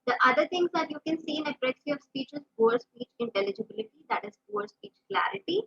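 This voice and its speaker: A woman's voice: high-pitched, sing-song, fast, gravelly, fairly bright tone, lo-fi sound. A woman speech therapist with an Indian English accent, explaining a speech disorder with examples and frequent fillers. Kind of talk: explanatory lesson.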